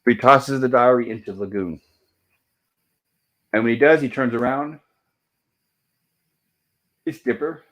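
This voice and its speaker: A man's voice: mid-range voice, unhurried, long pauses, a bit bright. Man casually recapping an old sitcom. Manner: loose and apologetic, with frequent fillers and self-corrections. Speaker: host reviewing episodes of an old TV sitcom. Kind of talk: casual episode recap over slides.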